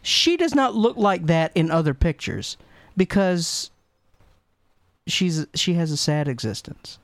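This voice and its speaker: A man's voice: a little high, very animated, dry recording. Foul-mouthed man in his thirties, mock outrage. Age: 30s. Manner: crude, mock-outraged, quick bursts of swearing and laughter. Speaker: podcast co-host. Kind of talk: casual chat.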